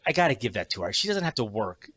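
A middle-aged man co-hosting a podcast, telling stories in casual chat with halting restarts. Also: medium pitch, big pitch swings, over a noisy crowd. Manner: chatty storyteller, halting restarts. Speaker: podcast co-host.

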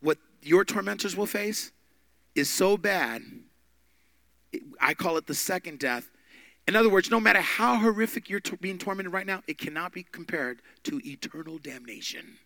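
A man preaching a sermon with emphatic delivery, swinging between loud and hushed. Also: high voice, lively intonation, moderate pace, vocal fry, dry recording. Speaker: pastor.

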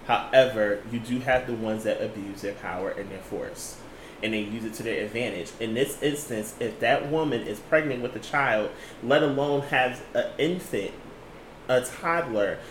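A man giving earnest, emphatic opinions in casual commentary chat. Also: on the low side. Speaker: co-host. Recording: echoey room with faint noise.

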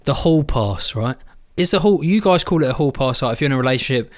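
A man's voice: mid-range voice, animated, fast. A young man co-hosting a podcast, teasing his friend in laddish, sweary casual chat. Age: young adult. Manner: laddish, teasing, swears a lot, laughs often. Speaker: podcast co-host.

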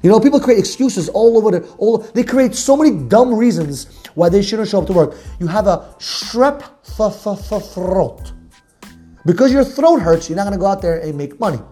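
A man's voice: sits high, lively intonation, fast, hardly any pauses, dark tone, soft background music. A man coaching salespeople in a motivational talk, blunt and a little profane, hammering points home through long repetitive lists.

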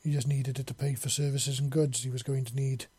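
A man narrating a story in an even, unhurried read. His voice is mellow and dark with a husky edge. The recording is dry and close. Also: mid-range voice, no room sound. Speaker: audiobook narrator.

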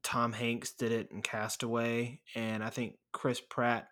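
A man's voice: mid-range voice, level tone, measured pace, a bit bright. A man co-hosting a casual film podcast, talking enthusiastically and animatedly about a movie scene. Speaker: podcast co-host.

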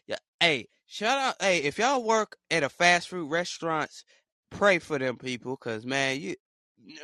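Excitable young man ranting on a podcast. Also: on the high side, dry recording, studio quality. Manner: animated, excitable, slangy storytelling. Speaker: podcast host. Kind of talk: casual commentary.

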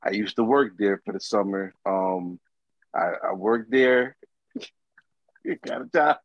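A man's voice: lowish voice, measured pace, no echo, dull audio. A man co-hosting a podcast, starting a short story in loose, casual chat.

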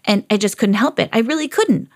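A woman with a fairly high voice reads a children's storybook aloud a little fast, voicing a lovable, eager female pet dog. Her reading is earnest and rises with excitement.

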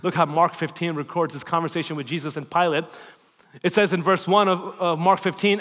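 A pastor giving a sermon, animated and swinging between emphatic and hushed delivery. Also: male voice, on the high side, fairly quick. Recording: long reverb in a large hall.

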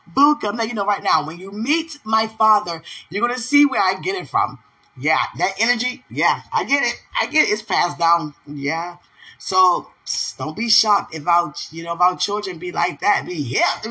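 Bright, husky-voiced woman chatting playfully. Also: fairly low pitch, moderate pace, low-quality recording. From United States. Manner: playful, laughs often, animated; talks affectionately to a partner. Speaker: podcast host. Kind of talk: casual chat.

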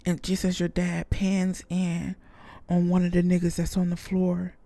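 A woman's voice: on the low side, monotone, measured pace, dark tone. A woman hosting a casual podcast, answering a listener letter and telling a brash, profane comic story full of sound effects. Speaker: podcast host.

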